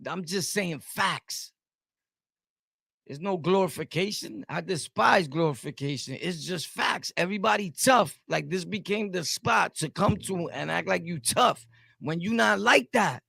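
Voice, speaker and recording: Answering his chat in a live-stream rant, a Brooklyn-born streamer host with a Brooklyn accent gets heated and combative, hammering the same points repeatedly. His high, expressive voice is pushed, bright, slightly rough, and has vocal fry, at normal speed, recorded cleanly with no echo.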